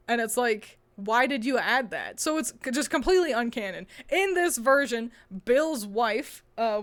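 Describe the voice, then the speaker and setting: A woman's voice: fairly high pitch, fairly bright tone. Chatty woman rambling with playful swearing. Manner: rambling, playful, swears casually, quick bursts of laughter. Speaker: podcast co-host. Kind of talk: casual chat.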